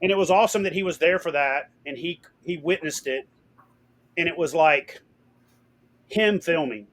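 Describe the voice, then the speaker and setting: A middle-aged man tells stories as an interview guest in a fairly high voice. He talks in an animated way, swears casually and loudly acts out what people said. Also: moderate pace.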